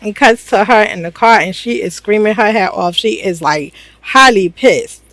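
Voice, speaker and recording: A woman's voice: medium pitch, normal speed, a bit bright, dry recording, rough recording. A woman giving a chatty, slangy, casual recap of a reality show, laughing often. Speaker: reaction channel host.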